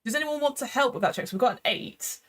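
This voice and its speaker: Over a remote call microphone, a woman with a high, animated voice talks fast while game-mastering an improvised tabletop game. She chats a lot, laughs often and restarts her sentences hesitantly.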